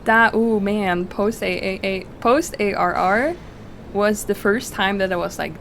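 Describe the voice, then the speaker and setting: A woman's voice: medium pitch, measured pace, creaky, fairly bright tone, a little hiss or hum. A woman streamer chatting casually to her viewers while she plays and reads the game's dialogue aloud, laughing easily. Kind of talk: casual gameplay commentary. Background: game music.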